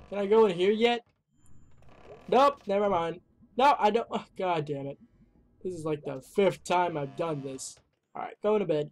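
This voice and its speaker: Goofy, excitable gaming commentator. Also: medium pitch, normal speed. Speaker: gaming YouTuber. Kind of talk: let's play commentary.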